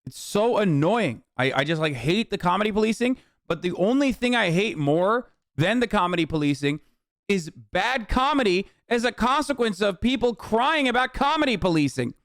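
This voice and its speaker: A man's voice: sits high, animated, moderate pace, fairly bright tone, no room sound, clean studio sound. A young adult man streaming live, ranting angrily, mocking and swearing constantly, punctuating his points with a repeated "okay?". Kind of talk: heated profane rant on a livestream.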